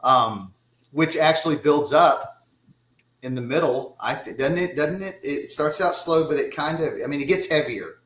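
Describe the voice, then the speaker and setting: A man's voice: fairly high pitch, normal speed, fairly bright tone. Rambling Southern man in an echoey room. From Georgia, US. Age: 50s. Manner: rambling, laughs often. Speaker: guest drummer. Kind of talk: casual chat.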